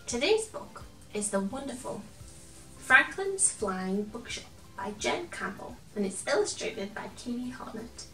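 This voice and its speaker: Expressive woman reading a picture book, echoey room. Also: a little high, unhurried, distant mic, faint music behind. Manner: gentle and expressive, chatting to a toy companion. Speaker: children's storyteller. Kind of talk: picture-book read-aloud for children. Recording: roomy echo, from off the mic.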